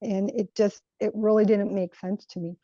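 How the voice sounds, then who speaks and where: A woman recounting a spiritual experience from her childhood in an earnest, reflective way, often pausing to search for words. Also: mid-range voice, flat delivery, dark tone, no room sound, lo-fi sound. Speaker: guest sharing a spiritual experience. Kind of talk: personal storytelling.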